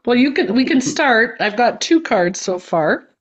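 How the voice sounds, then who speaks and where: A woman co-hosting a live feng shui show who is under the weather and coughing, speaking in a flat, low-energy way. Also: measured pace, highs cut off. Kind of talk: casual live-stream chat.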